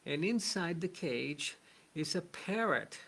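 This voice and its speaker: A shamanic teacher lectures earnestly, weaving a parable into his lesson like a storyteller. His somewhat high voice moves slowly, with lively intonation and a creaky, slightly bright quality.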